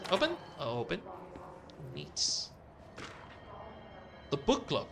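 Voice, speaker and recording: A man's voice: high voice, a little slow, bright, forceful tone, a little hiss or hum. A man giving casual, rambling gameplay commentary, with frequent swearing and restarts. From outside the US. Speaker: let's play host.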